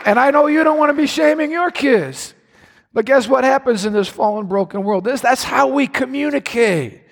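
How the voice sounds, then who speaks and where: A pastor preaching a sermon to his congregation, impassioned, his voice climbing higher when he is stirred. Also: normal speed, gravelly, some chatter behind. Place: large church hall. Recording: reverberant church hall.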